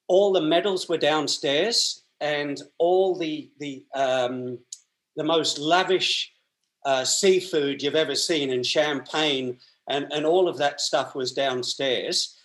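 A man's voice: a little high, slow, fairly bright tone. An Australian man, a podcast guest, telling long rambling stories in a chatty way with frequent laughs. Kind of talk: anecdotal storytelling.

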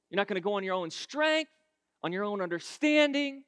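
A man preaching a sermon, emphatic and repetitive, building to shouts, with casual self-deprecating asides. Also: high-pitched, expressive, a little fast, clear, resonant tone, dry recording.

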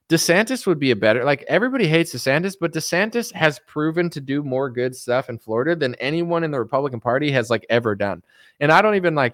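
Smooth-voiced man ranting casually. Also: mid-range voice, a bit bright, dry recording, clean studio sound. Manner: casual, rambling, sarcastic. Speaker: political commentator. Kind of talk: casual reaction vlog.

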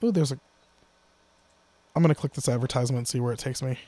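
A man's voice: mid-range voice, fast talker, warm tone. A man co-hosting a casual podcast about guitar gear, rambling and joking, his sentences often trailing off into mutters. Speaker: podcast co-host.

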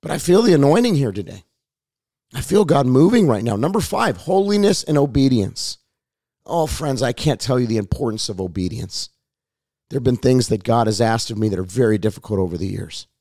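A middle-aged man preaching and praying aloud as a pastor, fervent and repetitive, his voice hoarse and raspy. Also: medium pitch, very animated, a little fast, mellow, dry recording, studio quality. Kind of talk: sermon and prayer.

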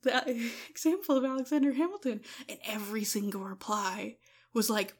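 A woman co-hosting a podcast in a fairly high voice. She talks casually and says y'all, dropping into soft, reflective musing and then bursting into loud, laughing excitement. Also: normal speed. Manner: uses y'all, laughs often. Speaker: podcast co-host.

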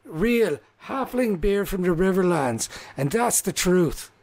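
A man voicing a boastful male halfling brewer who pitches his beer with showy salesman patter. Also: animated, slow, darkish tone, heavily acted.

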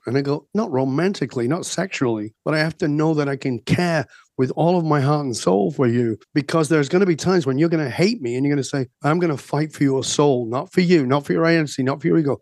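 A man's voice: fairly high pitch, fairly quick, darkish tone, no room sound. Emphatic man, dry close sound. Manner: emphatic, rising to preachy intensity. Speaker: guest coach. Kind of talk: podcast interview.

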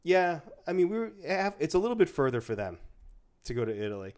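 A man's voice: a little high, sing-song, fast talker, a little mellow. Joking man co-hosting a podcast. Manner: joking, laughs at his own jokes. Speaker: podcast co-host. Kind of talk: casual chat.

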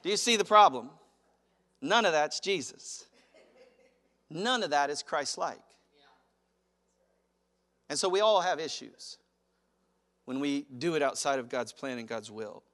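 Animated bright-voiced male preacher. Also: fairly high pitch, measured pace, pauses often. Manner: animated preaching, acts out quotes, chuckles. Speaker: pastor. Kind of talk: sermon.

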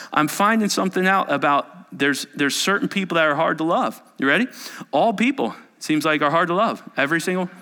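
Animated, bright-voiced male pastor preaching. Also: high-pitched. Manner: animated, acting out quoted people in quick impressions. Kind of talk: sermon.

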